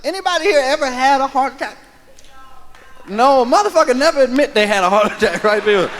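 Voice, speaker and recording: High-voiced profane male stand-up comic. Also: a little fast, long reverb tail. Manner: profane, animated, acts out voices. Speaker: stand-up comedian. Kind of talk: live stand-up storytelling. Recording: live concert album with crowd and hiss.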